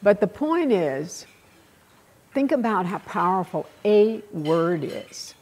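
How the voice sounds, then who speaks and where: An older woman with a Texas accent giving a keynote speech, telling blunt, salty stories with dramatic pauses. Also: mid-range voice, sing-song, darkish tone, a little hiss or hum. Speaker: keynote speaker.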